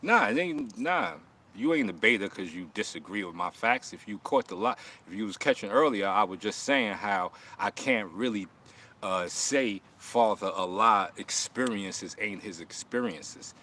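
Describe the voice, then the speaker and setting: Speaking at a normal pace in a lowish register, this martial arts channel host laughs and mocks while responding to chat on a livestream. His manner is heated and animated throughout the casual talk.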